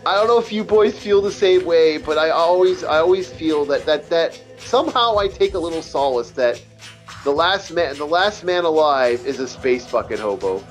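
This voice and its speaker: Let's play host, man, higher voice, rambling and swearing, faint game music under him. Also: expressive, normal speed. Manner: rambling, profane, stumbling restarts. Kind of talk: casual chat over gameplay.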